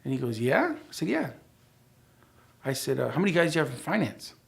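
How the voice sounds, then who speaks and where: A man's voice: mid-range voice, expressive, fairly quick, gravelly. A middle-aged man telling his life story as a church testimony, acting out the dialogue as he goes. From United States.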